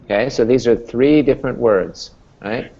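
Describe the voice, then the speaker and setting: A man's voice: mid-range voice, moderate pace, gravelly, mellow, highs cut off. A man teaching a Greek class as professor, explaining patiently and checking in with "okay?" and "right?". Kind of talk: classroom lecture.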